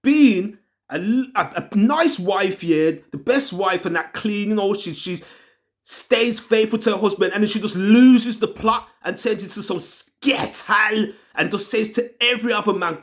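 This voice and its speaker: A man's voice: high voice, a little slow. A man hosting a fan channel, ranting in a swearing, slangy, exasperated way about his team. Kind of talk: angry football fan rant.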